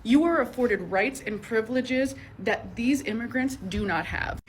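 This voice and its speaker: Woman, fairly high voice, indignant commentary full of rhetorical questions. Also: normal speed, a little hiss or hum. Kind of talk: reaction commentary.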